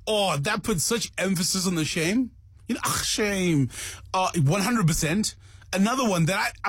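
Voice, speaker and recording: Brief: South African man, breakfast radio host, high husky voice, dry studio sound. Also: dry recording. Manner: chatty, amused, mimics friends. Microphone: studio microphone.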